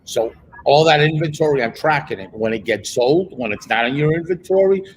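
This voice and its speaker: A man's voice: on the high side, lively intonation, a little fast, breathy edge, rough recording. A man hosting an interview, talking conversationally and often checking in with "right?". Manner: conversational, asks questions with frequent "right?". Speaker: host. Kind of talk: interviewing a guest.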